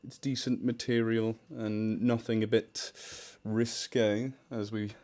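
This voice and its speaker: A man's voice: lowish voice, little pitch movement, takes it slowly, a little mellow. Chatty man with a transatlantic accent. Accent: mixed British-American. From United Kingdom. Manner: chatty and self-deprecating, laughs often, reads chat aloud. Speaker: charity livestream host and story narrator. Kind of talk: casual livestream chat. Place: home room with fish tank near the mic. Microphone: desktop microphone.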